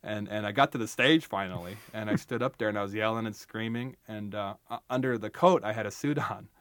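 A man's voice: lowish voice, a little fast, fairly bright tone, no room sound, clean studio sound. A young adult man from the United States, a writer talking as an interview guest in an emphatic, wry, storytelling way with frequent restarts. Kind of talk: animated conversational interview.

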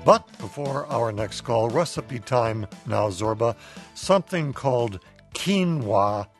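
Radio co-host over faint music. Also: male voice, medium pitch. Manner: steady, reads back recipe lines briskly. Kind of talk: scripted radio announcing and casual chat.

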